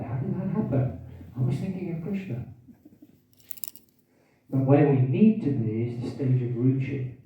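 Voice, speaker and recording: A man's voice: medium pitch, dark tone, slight background noise. A man giving a scripture class, quizzing the audience and repeating key phrases, with hiccups. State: has hiccups. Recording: tinny, distant, echoey room recording.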